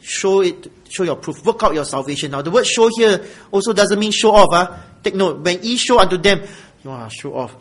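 A male pastor, preaching a sermon in an animated way and acting out the people he describes. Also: sits high, a little fast, rough recording. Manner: animated, acts out grudging givers in a whiny voice, then drops quiet.

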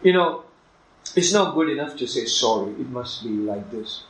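A man preaching a sermon, emphatic, dropping to hushed asides and rising to loud exclamations. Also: medium pitch, a little fast. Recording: echoey room with faint ambient noise.

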